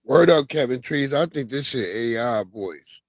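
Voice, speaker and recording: A man hosting a livestream, chatting casually with animated, profane storytelling and laughs. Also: medium pitch, unhurried, no echo, soft background music. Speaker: livestream host. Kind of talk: casual commentary.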